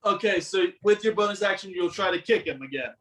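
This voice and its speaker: Man, high voice, game master, casual tabletop narration. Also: fairly bright tone, rough recording. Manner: casual, laughing narration with quick voiced asides.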